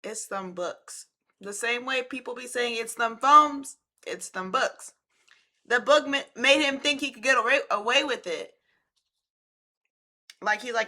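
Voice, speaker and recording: Bright-voiced young woman reacting. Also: on the high side, measured pace, long pauses. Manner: animated, slangy, talks back to the clip. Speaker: reaction video host. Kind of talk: casual reaction commentary.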